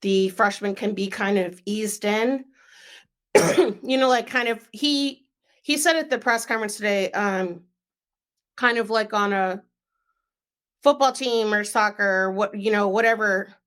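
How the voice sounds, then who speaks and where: A young woman co-hosting a sports podcast, chatting casually and filling pauses with "um" and "like". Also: mid-range voice, fairly bright tone. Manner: chatty, frequent "um" and "like" fillers.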